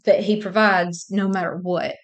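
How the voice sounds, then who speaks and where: A woman's voice: fairly low pitch, fairly even intonation, normal speed, lo-fi sound. A woman hosting a faith podcast, talking in an earnest, encouraging teaching tone. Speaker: podcast host. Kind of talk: casual faith podcast talk.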